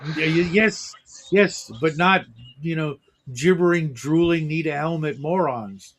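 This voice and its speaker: A man's voice: fairly high pitch, a little slow, fairly bright tone. A man hosting a casual morning livestream chat, rambling and self-deprecating with lots of fillers. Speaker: livestream host.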